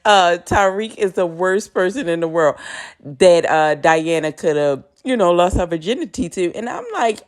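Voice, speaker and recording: A woman's voice: fairly low pitch, animated, moderate pace. A woman hosting a casual TV recap, blunt and profane, laughing often as she talks. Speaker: TV recap host.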